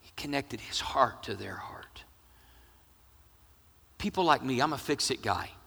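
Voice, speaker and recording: Man preaching a lively sermon in a hall. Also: medium pitch, a little slow, creaky. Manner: animated, jokey preaching, swinging from loud to hushed. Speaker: pastor.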